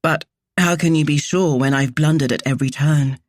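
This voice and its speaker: A woman putting on a devoted, soft-spoken duke for a romance audiobook. He talks low and quietly, with a husky edge to his voice. The recording is dry and close. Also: moderate pace, no echo. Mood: tender. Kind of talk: audiobook character voice.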